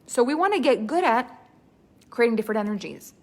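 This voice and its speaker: A woman with a bright, high voice leads a live online storytelling workshop. She talks in an animated, expressive way and breaks into laughter easily. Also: brisk, heavy background noise. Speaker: storytelling coach.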